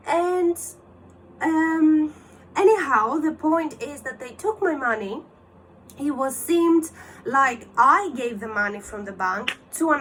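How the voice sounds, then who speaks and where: High-voiced woman retelling a scam. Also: a bit bright, a little hiss or hum, poor audio. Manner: agitated, retelling scam calls with quoted dialogue. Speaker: vlogger. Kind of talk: telling a personal story to camera.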